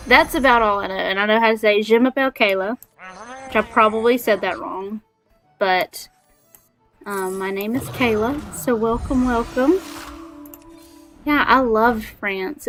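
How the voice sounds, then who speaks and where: A woman's voice: a little high, a bit bright. A young woman from Alabama with a Southern accent, chatting in a bubbly, giggly way while she streams a game. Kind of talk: casual gaming livestream chat.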